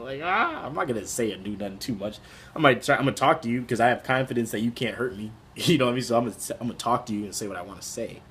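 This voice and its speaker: A man's voice: fairly low pitch, a little hiss or hum. Candid young man rambling to camera. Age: 20s. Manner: candid and rambling, many restarts and "like"s. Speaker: vlogger. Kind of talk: casual talk to camera.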